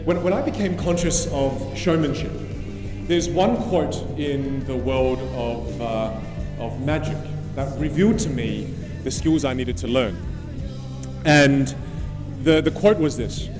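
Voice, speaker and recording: Male event host, anecdotal storytelling, long hall echo, soft music underneath. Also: medium pitch, measured pace. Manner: anecdotal, with some restarts. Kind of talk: storytelling stage talk. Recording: long hall reverb, faint music behind.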